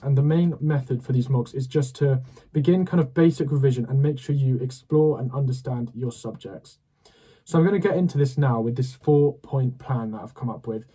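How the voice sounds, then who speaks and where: Late-teens male, upbeat study-tips presenter; warm, slightly husky tone. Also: medium pitch. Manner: direct and upbeat, often checking in with "okay?". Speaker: student study-advice YouTuber. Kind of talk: casual advice to camera.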